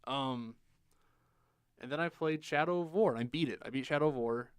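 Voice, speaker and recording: Young male co-host, casual and animated, acts out quotes, swears freely, dry sound. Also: medium pitch, normal speed, smooth, no room sound. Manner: animated storytelling, acts out quotes in silly voices. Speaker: podcast co-host. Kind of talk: casual chat.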